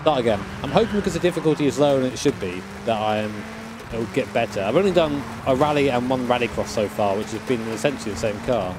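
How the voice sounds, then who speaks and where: A man's voice: medium pitch, lively intonation, fast. A man casually chatting with his live-stream chat, joking and swearing as he plays a racing game. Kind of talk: live-stream gaming commentary. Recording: game car noise behind. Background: racing game engine sounds.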